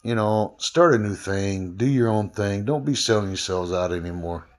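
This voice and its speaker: A man's voice: fairly low pitch, normal speed. A man, a former delivery driver, speaking in a rambling, aggrieved casual vlog with many fillers. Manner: rambling, frequent fillers and restarts.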